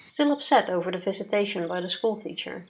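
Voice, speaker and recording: A woman's voice: mid-range voice, a little fast, slight background noise. Woman reading a visual novel aloud. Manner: steady, even reading pace with occasional yawns. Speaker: let's play co-host reading the game text.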